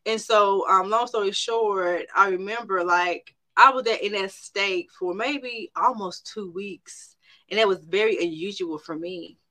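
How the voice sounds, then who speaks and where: A middle-aged woman tells a personal faith testimony with a bright, sharp tone. She speaks emphatically, repeats her phrases for weight and keeps addressing her listeners directly. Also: medium pitch, measured pace. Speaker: private practice owner.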